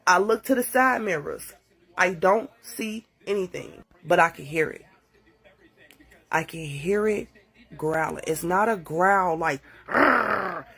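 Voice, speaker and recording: A woman telling a dramatic story to her phone in a casual, profane and animated way. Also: lowish voice, measured pace, husky. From Chicago. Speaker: TikTok storyteller. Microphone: phone mic.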